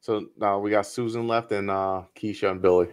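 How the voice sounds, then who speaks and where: A man's voice: on the low side, moderate pace, clear, resonant tone. A man chatting casually and swearing a lot as he comments on a film he is watching with friends. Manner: profane, animated commentary on a film. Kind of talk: casual reaction chat.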